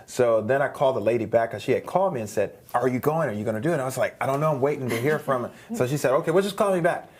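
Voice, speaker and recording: A man's voice: mid-range voice, rapid-fire, few pauses. A man, a guest singer, telling a long story in a studio interview, rambling, with many restarts and repeated words. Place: streaming studio.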